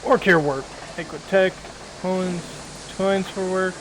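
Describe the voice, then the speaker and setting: A man voicing a downtrodden male orc factory laborer who talks in loud, broken grunts. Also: sits high, fairly even intonation, slow, slight background noise, poor audio. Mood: grumbling.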